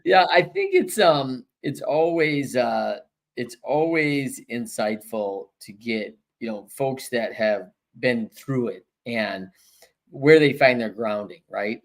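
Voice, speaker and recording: A man's voice: medium pitch, very animated, takes it slowly. A man hosting a podcast, talking loosely with lots of fillers. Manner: loose, filler-heavy talk. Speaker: podcast host, coach. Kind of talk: casual conversation.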